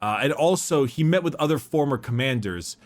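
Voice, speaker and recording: A man's voice: mid-range voice, lively intonation, brisk. A man co-hosting a podcast in a casual, rambling way, laughing often and fumbling names. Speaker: podcast co-host. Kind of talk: casual chat.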